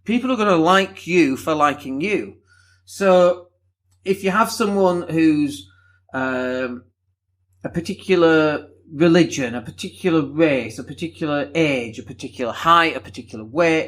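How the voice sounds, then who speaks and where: A man from Leeds with a softened Northern English accent, rambling candidly through a solo podcast with the odd swear. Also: fairly high pitch. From Leeds, England. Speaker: podcast host.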